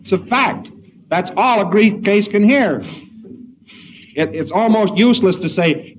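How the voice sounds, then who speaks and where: A man's voice: sits high, lively intonation, unhurried, long pauses. A man giving an informal lecture in a wry, digressive way, acting out the quotes he gives. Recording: dull distant recording with faint hiss.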